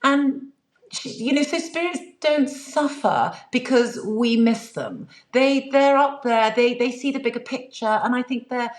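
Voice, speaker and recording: With a somewhat high, animated voice and a measured pace, a female author recounts something personal while being interviewed. She's sincere and thoughtful, leans on lots of fillers, and keeps the storytelling easygoing.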